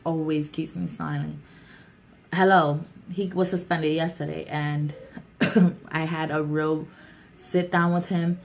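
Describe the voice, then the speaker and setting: A young adult woman talking candidly and warmly to her vlog viewers, with a chatty, heartfelt manner. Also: low-pitched, level tone, slow, vocal fry. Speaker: YouTuber. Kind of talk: casual vlog talk.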